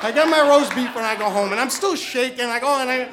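High-voiced man telling a stammering story. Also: fast, heavy background noise. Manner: stammering, repeats words nervously. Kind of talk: comic personal storytelling.

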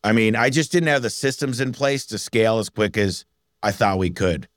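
A man, a business owner, telling stories in a casual interview, energetic and acting out the people he quotes. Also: lowish voice, normal speed, dry recording, studio quality. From Michigan. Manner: energetic, animated storyteller who acts out quotes.

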